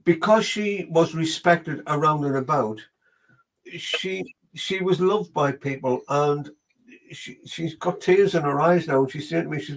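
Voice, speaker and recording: A man's voice: a little high, a little slow, a little hiss or hum, poor audio. A man giving a psychic reading, rambling as he relays what a spirit tells him. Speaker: medium.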